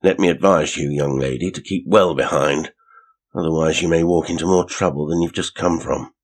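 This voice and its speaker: Brief: male reader as brusque plainclothes cop, grim, few words, deep rough voice. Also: animated, moderate pace, full character voice. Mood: grim warning. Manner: terse and grim. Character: curt, brusque male detective.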